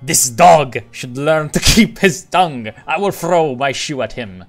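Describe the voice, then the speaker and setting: A man's voice: a little high, animated, unhurried, faint music behind. A man putting on an exaggerated accent to tell a joke in the voice of a theatrical male storyteller. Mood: mock-theatrical. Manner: exaggerated put-on accent, loud and raised.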